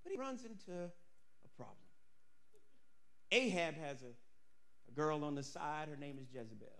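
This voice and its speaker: A male pastor preaching an energetic, humorous storytelling sermon who often bursts into shouting. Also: on the high side, moderate pace, creaky.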